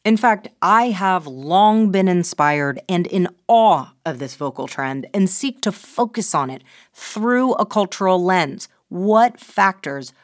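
A woman hosts a video essay with scripted narration. Her voice sits low, and the sound is dry and close. She delivers it in a playful, wry and theatrical way. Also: lively intonation, slow, dry recording.

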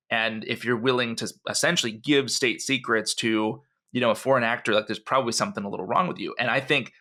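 A man co-hosting a history podcast, telling the story in an animated, conversational way with frequent asides. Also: medium pitch. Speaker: podcast co-host.

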